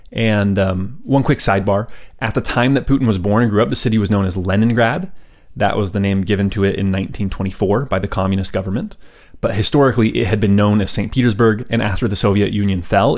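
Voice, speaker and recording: Man, lowish voice, podcast host, casual storytelling, chatty asides, relaxed ums. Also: vocal fry. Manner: conversational, with frequent ums and asides.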